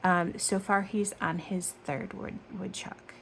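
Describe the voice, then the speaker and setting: A woman from Michigan hosting a casual budgeting vlog, chatting in rambling tangents and counting cash out loud. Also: medium pitch, steady tone, slow, creaky, a little hiss or hum. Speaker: budgeting channel host.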